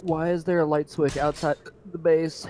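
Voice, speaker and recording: A man with hiccups playing a game with friends, making short, quiet remarks in casual chat. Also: fairly high pitch, flat delivery, normal speed, slight background noise. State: has hiccups. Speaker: co-player.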